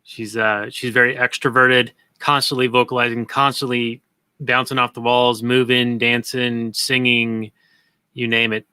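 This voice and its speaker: A man co-hosting a casual discussion, speaking in a calm, easygoing way. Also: medium pitch, measured pace, smooth, dry recording. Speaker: podcast co-host.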